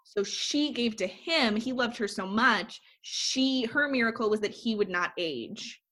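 A woman's voice: a little high, unhurried. Woman animatedly retelling a movie plot. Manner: animated storyteller, heavy use of "like". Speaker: podcast co-host.

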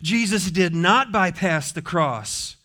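Fairly high-voiced man preaching. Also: lively intonation, slow pace. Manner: preaching with shifts between soft, gentle consoling tones and emphatic declarations; repeats phrases for emphasis. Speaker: pastor. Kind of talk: sermon.

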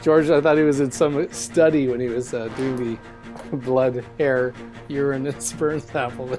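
A man's voice: medium pitch, steady tone, measured pace, darkish tone, faint music behind. A man co-hosting a podcast, telling stories in a chatty, amused way. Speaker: podcast co-host. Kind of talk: casual podcast chat.

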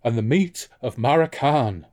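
A man's voice: mid-range voice, lively intonation, unhurried, darkish tone, pitched above the performer's own voice, close to an everyday voice. A man reading aloud as a vain, shifty male playwright with grandiose, affected lines.

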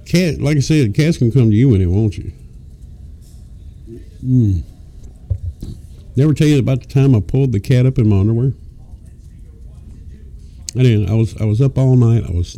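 A man's voice: mid-range voice, warm tone. A man hosting a talk show, telling rambling, crude comic stories into a studio mic. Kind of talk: casual comic storytelling. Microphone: studio microphone.

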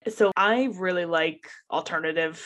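A woman's voice: fairly low pitch, moderate pace, fairly bright tone. Young adult woman, casual chat, filler-heavy, conversational. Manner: chatty, many fillers like "like".

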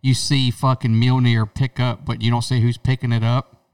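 A man's voice: medium pitch, flat delivery, moderate pace, darkish tone, smooth, no echo, recorded from a distance. Man, podcast co-host, brash, profane, joking, dry sound, a bit off the mic. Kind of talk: casual chat.

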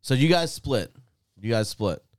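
A man's voice: medium pitch, animated, a little slow, no room sound, studio quality. A man co-hosting a podcast who keeps the casual banter moving in an easygoing way. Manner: easygoing, moderating the picks. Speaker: podcast co-host.

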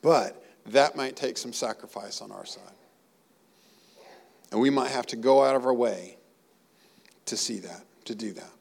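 Gravelly earnest male preacher. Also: mid-range voice, unhurried, long pauses, darkish tone. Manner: earnest, emotional preaching with rising emphasis. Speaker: pastor. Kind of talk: sermon.

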